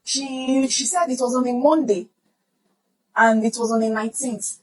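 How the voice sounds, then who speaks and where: A woman's voice: a little high, moderate pace, breathy edge, poor audio. A young Nigerian woman telling a personal story to camera, acting out the voices of the people in it. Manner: animated, acts out voices in the retelling.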